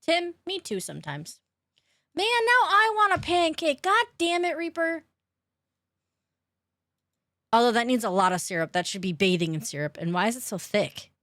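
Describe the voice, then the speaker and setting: Very animated and fairly quick, a woman with a slightly high, fairly bright voice streams a game from home. She chats with viewers, naming them as she greets them, laughing often and swearing without much thought. The audio is clean studio sound without echo.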